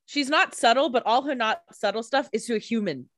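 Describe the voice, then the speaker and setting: A woman's voice: on the high side, no echo. Joking woman tossing in witty asides. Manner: quick-witted, joking asides. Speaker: podcast co-host. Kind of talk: casual TV episode recap chat.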